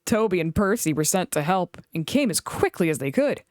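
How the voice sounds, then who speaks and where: A woman reading a children's book aloud in an expressive storytelling voice. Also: lowish voice, fairly quick, no room sound, clean studio sound. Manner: expressive, animated read-aloud.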